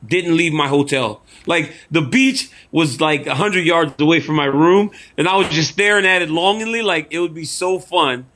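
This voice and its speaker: A man from Louisiana, a guest in an interview, telling animated stories and often laughing. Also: fairly high pitch, moderate pace, hardly any pauses, a little hiss or hum. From Louisiana, USA. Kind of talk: casual chat, storytelling.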